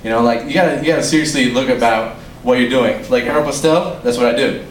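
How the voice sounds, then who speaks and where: A man's voice: mid-range voice, fast, slight background noise. Rambling young man doing stand-up, echoey room. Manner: rambling, swears a lot, laughs at own jokes. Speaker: stand-up comic. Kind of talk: amateur stand-up set. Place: small room with an audience. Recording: echoey room, faint ambience.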